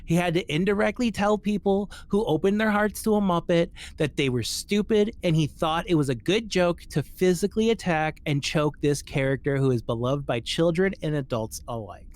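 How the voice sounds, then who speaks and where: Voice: medium pitch, normal speed, few pauses, a little mellow. Podcast host, reads a post aloud, mocking commentary, casual swearing. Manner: mocking, swears casually, laughs between lines.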